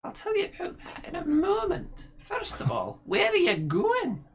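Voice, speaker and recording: A man voicing an old Scottish crone witch in a shrill, very high falsetto. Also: huge pitch swings, moderate pace, vocal fry, heavily acted. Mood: menacing.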